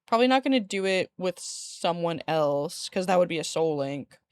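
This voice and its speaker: A woman's voice: on the low side, expressive, normal speed, clean tone, dry recording. A woman streaming live, chatting casually with viewers in a rambling way, laughing often and swearing lightly. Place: room at home by a window. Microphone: desk streaming mic.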